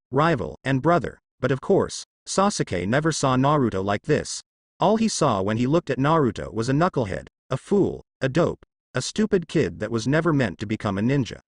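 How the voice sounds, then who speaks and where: A man reading a fan fiction story aloud with a lot of pitch movement. His lively delivery rises and falls through the narration. The recording is dry and close, with no room sound. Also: dry recording.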